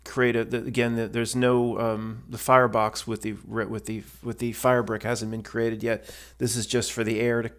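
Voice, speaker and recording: Blunt, rambling man talking stoves. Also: fairly low pitch. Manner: blunt, rambling, with many restarts and fillers. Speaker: stove builder commenting on a video. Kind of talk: casual voice-over commentary.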